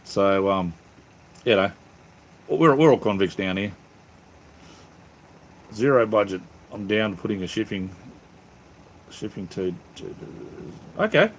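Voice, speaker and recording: A man's voice: lowish voice, lively intonation, a little slow, long pauses, a little hiss or hum. An Australian man hosting a casual live stream from home, rambling cheerfully and calling his viewers mate and brother. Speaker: channel host reading live chat.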